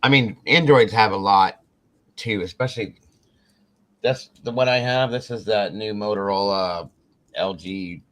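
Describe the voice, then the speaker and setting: A man's voice: on the low side, unhurried. A man hosting a live stream, chatting casually and teasing viewers, sometimes putting on a country twang. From Wisconsin. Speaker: livestream host. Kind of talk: casual chat.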